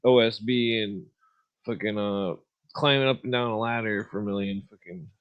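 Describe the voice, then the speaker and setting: A man's voice: on the low side, steady tone, a little fast, lo-fi sound. A man hosting a podcast, talking in a rambling, profane monologue and laughing at his own stories. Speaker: podcast host.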